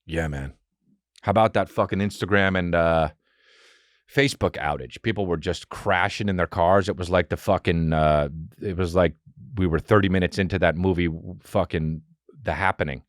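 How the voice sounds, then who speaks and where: A man's voice: low-pitched, moderate pace, no echo, studio quality. A man hosting a podcast alone at home, talking in a loose, profane, rambling comedic monologue that jumps from topic to topic. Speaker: podcast host. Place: home room with a fan running.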